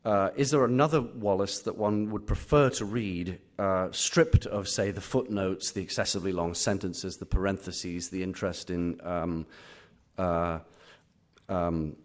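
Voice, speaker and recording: English male critic, lowish voice, halting live Q&A delivery in an auditorium. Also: fairly even intonation. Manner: hesitant, many fillers and restarts. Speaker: literary critic speaking to an audience. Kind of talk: live Q&A at a reading.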